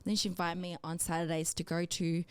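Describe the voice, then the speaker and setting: A woman's voice: on the low side, level tone, brisk, clear, resonant tone, no room sound. An Australian woman in her twenties chatting casually as a podcast co-host, telling self-deprecating stories and laughing often. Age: 20s. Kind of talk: casual chat.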